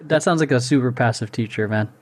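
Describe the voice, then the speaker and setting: A man's voice: medium pitch, fast, no echo. Laid-back male podcast host. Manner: laid-back, short reactions, casual swearing. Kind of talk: casual interview chat.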